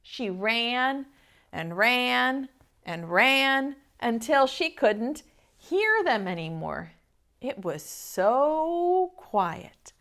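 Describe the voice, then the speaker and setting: A young woman teaching preschool, reading a picture book aloud to little ones. Her storytelling is animated and expressive. Her pitch swoops and lilts, and she takes her time.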